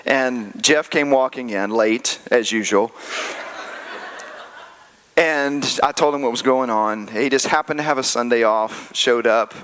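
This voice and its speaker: A slightly hoarse male pastor giving an earnest, conversational closing speech at an event. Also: mid-range voice, unhurried, fairly bright tone, slight background noise.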